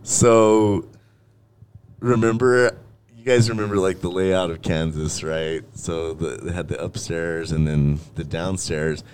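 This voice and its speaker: A man's voice: low-pitched, slow pace. A man hosting a podcast, telling profane, laughing stories in casual chat. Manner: laughing, profane, animated storytelling. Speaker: podcast host.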